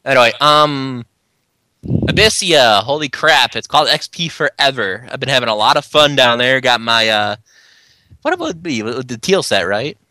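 A man's voice: medium pitch, lively intonation, moderate pace, pushed and bright, no room sound. A man co-hosting a casual podcast, chatting in a laid-back, tipsy way about an online game. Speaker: podcast co-host. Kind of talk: casual gaming chat.

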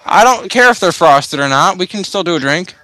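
A man's voice: high voice, animated, fairly quick, pushed and bright. A man hosting a casual podcast chat after a few drinks, loose and rambling. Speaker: podcast host.

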